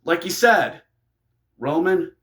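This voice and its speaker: A man's voice: sits high, expressive, slow pace, a bit bright, exaggerated voice. A man voicing a flustered, eager-to-please male wrestler who stammers defensively.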